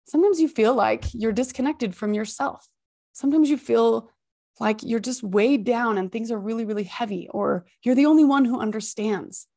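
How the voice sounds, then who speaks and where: A woman hosting a healthy-habits podcast, giving expressive, high-energy motivational advice with emphatic repetition. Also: normal speed. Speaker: podcast host and habits coach. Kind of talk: motivational self-help talk.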